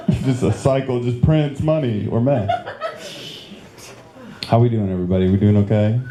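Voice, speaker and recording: A man performing a deadpan stand-up set and working the crowd on a handheld mic in a comedy club. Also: medium pitch. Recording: roomy club with crowd laughter.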